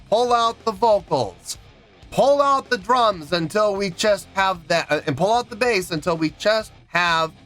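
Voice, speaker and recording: A man with a high voice reviews a song in an animated rant, sounding emphatic and indignant as he counts the beats out loud. He speaks as a music reaction reviewer.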